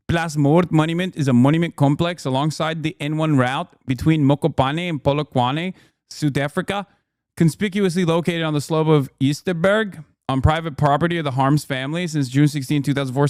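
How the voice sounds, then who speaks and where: A man in his thirties ranting and reading aloud in a live-stream commentary, fast and sarcastic. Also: on the high side, a little mellow, no room sound, clean studio sound. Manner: fast, heated, sarcastic rants. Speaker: streamer reacting to news clips.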